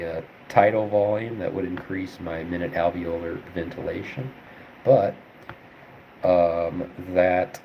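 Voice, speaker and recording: Deep-voiced young man thinking aloud. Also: dull audio, a little hiss or hum. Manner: rambling, thinks aloud with many fillers. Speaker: veterinary student streamer. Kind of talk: casual study livestream, answering chat.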